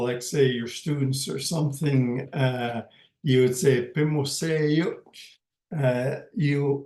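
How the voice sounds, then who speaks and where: A man teaching a language lesson, speaking slowly and patiently in an average-pitched voice. He repeats each word carefully and keeps checking in with his listeners. The room around him is echoey. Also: darkish tone. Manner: slow, patient, repeats words and says "okay" often.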